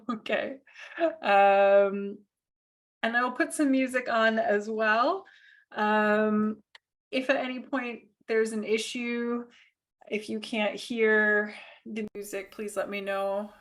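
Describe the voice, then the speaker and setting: A woman with a stuffed-up cold, leading a yoga class over a video call with gentle, reassuring instructions. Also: fairly high pitch, steady tone, slow pace. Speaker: yoga teacher.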